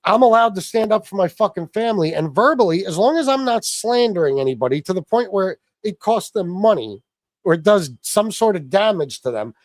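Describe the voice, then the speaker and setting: A man's voice: high voice, big pitch swings, brisk, no room sound, clean studio sound. A man hosting a livestream, angrily ranting in a combative, profane way and repeating himself. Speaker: livestream host. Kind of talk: angry ranting livestream monologue.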